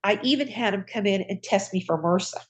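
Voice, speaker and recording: A woman's voice: mid-range voice, normal speed. An older woman, a retired nurse, telling her story in a casual interview, acting out dialogue and laughing often.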